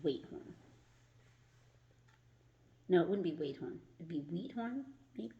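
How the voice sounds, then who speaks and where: Slow, low-voiced woman reading to a child. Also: expressive, muffled recording. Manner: chatty and self-mocking, laughing at her slips. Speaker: reading a picture book to a child. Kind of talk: casual read-aloud.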